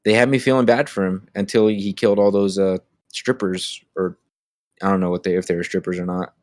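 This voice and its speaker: A man with a lowish voice chats loosely on a podcast, circling through his thoughts with plenty of "like" and "you know." The sound is dry and close, with no room echo. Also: level tone, fairly quick, darkish tone. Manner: rambling, with many fillers and restarts. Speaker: podcast co-host. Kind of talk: casual chat.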